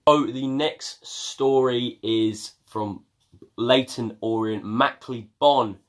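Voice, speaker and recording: A young man from England giving a casual football news roundup on his video channel, chatty and full of ums and uhs. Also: fairly low pitch. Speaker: football vlogger.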